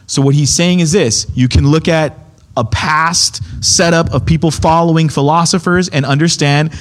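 Male preacher, slightly high voice, casual, insistent Bible teaching. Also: steady tone, normal speed. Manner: emphatic, keeps checking in with "okay?"; repeats key points, restarts phrases.

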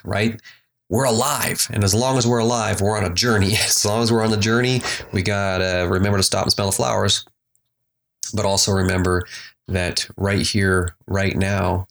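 A man giving a relaxed, conversational motivational talk on mindfulness, slowing down to lead breathing. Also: fairly low pitch. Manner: relaxed, conversational, slows for emphasis. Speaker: spiritual teacher. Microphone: desk microphone.

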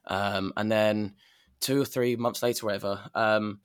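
A man's voice: lowish voice, steady tone, a little slow, smooth. A man in casual chat, talking reflectively about personal growth, with many restarts and fillers.

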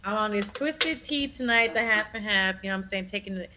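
A woman co-hosting a podcast, talking in a relaxed, casual way. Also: mid-range voice, brisk, noisy background. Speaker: podcast co-host.

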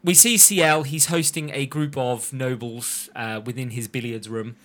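A man recapping an episode in a casual podcast chat, telling it as an animated story and slipping into quick character voices. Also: medium pitch. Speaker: podcast host recapping an anime.

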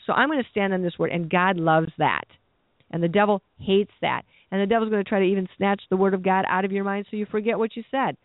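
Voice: mid-range voice, fairly quick, dry recording. Earnest preacher on a tinny line. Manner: earnest, repeats and restarts phrases. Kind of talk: sermon. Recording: tinny phone-like dry recording.

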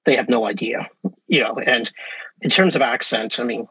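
A man's voice: medium pitch, normal speed, bright, forceful tone, husky, dry recording, low-quality recording. A man with an English Canadian accent, a professor chatting easily as an interview guest, with many fillers and restarts. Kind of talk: casual interview talk.

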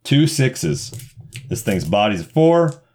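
A man's voice: mid-range voice, takes it slowly, creaky, a little hiss or hum. A man running a tabletop game as game master, narrating combat vividly with plenty of swearing. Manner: vivid, profane, excitable narration.

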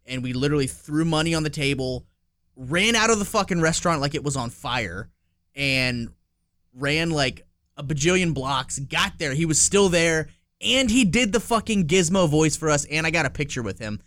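Animated man, dry close sound. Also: a little high, moderate pace, no echo. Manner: animated storyteller, laughs often, swears. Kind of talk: casual storytelling.

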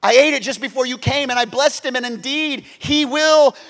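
A man puts on a bewildered old father, his voice lifted high and strained. He questions in trembling disbelief. Long reverb trails behind him. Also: moderate pace, fairly bright tone. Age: older.

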